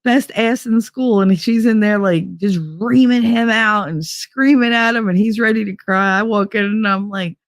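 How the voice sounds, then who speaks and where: Profane, animated woman telling a story. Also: medium pitch, moderate pace, few pauses, no room sound, clean studio sound. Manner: profane, animated, acts out quoted dialogue. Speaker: podcast host. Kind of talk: casual storytelling.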